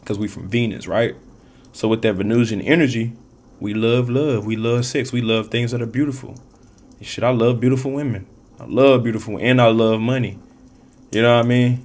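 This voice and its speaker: A man's voice: mid-range voice, steady tone, normal speed, darkish tone. A man giving a casual tarot reading, rambling and repeating himself, in loose, profane street slang with frequent laughs. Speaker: tarot reader.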